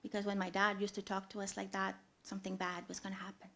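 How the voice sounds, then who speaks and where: A woman telling a true personal story live on a theatre stage, earnest, with pauses and sudden loud swells. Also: mid-range voice, completely flat delivery, vocal fry.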